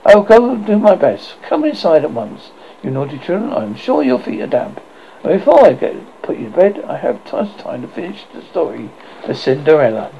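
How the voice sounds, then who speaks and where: A man's voice: fairly high pitch, sing-song, normal speed, gravelly, mellow, slight background noise. A man reading aloud and voicing a young girl who plays a prim, motherly role for a group of boys, in a dull lo-fi recording. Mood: bossy motherly.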